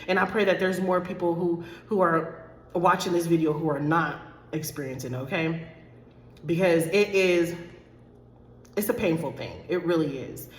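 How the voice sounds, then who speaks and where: A woman's voice: sits low, a little hiss or hum. A woman life coach talking candidly to her followers, choked up and close to tears, repeating herself and calling her viewers y'all. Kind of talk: direct-to-camera talk to followers. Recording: echoey room with long reverb.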